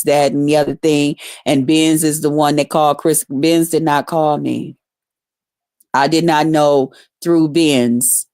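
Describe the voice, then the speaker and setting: A woman hosting her own channel, ranting angrily and cursing heavily, repeating her questions and jumping between loud heated bursts and low explanations. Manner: heavy cursing, confrontational, repetitive; pitch jumps up when heated, drops low when explaining. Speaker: channel host. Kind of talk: angry ranting monologue.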